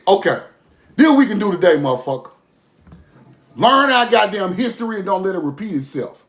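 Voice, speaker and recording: A man delivers a passionate, profane monologue straight to his listeners. His voice sits high, and he keeps circling back to the same phrases. He moves from forceful outbursts to low, muttered stretches. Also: very animated, fairly quick, pauses often. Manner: forceful, repetitive, profane, swings from loud to low. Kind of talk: impassioned monologue to camera.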